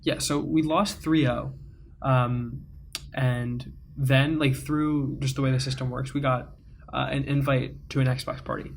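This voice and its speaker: A man's voice: mid-range voice, little pitch movement, unhurried, gravelly, slight background noise. A teenage man co-hosting a podcast, telling a story in a rambling way with many fillers. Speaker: podcast co-host. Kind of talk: casual storytelling chat.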